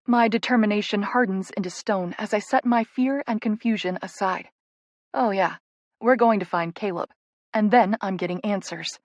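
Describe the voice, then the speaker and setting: A woman's voice: mid-range voice, moderate pace, no echo. Woman narrating a romance audiobook, dry sound.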